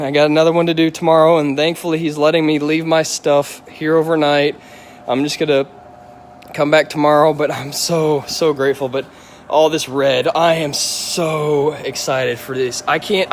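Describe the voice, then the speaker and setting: A man, an auto detailer, gushing with wild excitement as he shows off freshly coated cars outdoors while streaming live to viewers. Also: fairly high pitch, slight background noise. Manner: wildly excited, gushing, repeats exclamations. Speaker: auto detailer showing his work. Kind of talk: live-streamed car reveal vlog. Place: outdoors beside parked cars.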